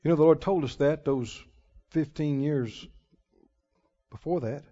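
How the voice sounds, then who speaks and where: A man preaching a sermon as pastor, folksy and emphatic, with sudden loud swells and drawn-out words. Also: fairly high pitch. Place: church sanctuary. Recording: muffled recording in a reverberant church hall.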